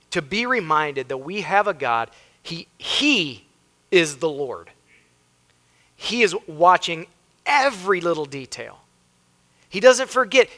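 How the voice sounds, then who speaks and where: An American pastor delivers an animated sermon in a church, his voice a little higher than most men's. He reads scripture with weight and slips into lively voices for the people in the story. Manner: emphatic preaching, reads scripture aloud and acts out voices. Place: church sanctuary.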